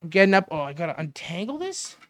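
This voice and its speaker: A man's voice: high voice, wildly swooping pitch, fast, fairly bright tone, dry recording. A man hosting his own show, ranting in a crude, sarcastic, rambling way into a studio mic. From Canada. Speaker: podcast host. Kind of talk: casual solo rant. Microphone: studio mic with windscreen.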